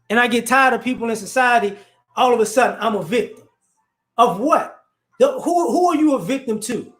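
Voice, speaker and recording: A man hosting a live stream, giving blunt, confrontational social commentary off the cuff, rambling and repeating words as he builds each point. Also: extremely high pitch. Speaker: livestream host. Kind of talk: unscripted social commentary rant. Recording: roomy echo.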